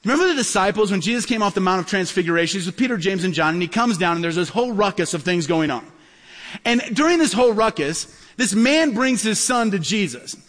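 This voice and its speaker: A man preaching as a pastor, telling stories in a lively way and acting out the dialogue. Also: sits high, fast talker. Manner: animated, acts out dialogue in stories. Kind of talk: sermon with storytelling. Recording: long hall reverb.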